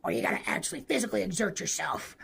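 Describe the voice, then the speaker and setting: A man speaking in his own very deep voice, joking with mock seriousness in a deadpan aside to his stream chat. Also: rapid-fire, creaky, a little hiss or hum.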